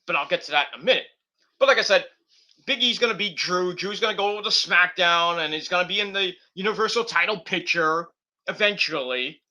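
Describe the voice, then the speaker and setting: Male host, casual predictions chat, bright and high-ish voice, rambles and curses freely. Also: brisk. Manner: rambling, off-the-cuff, with cursing and mocking nicknames.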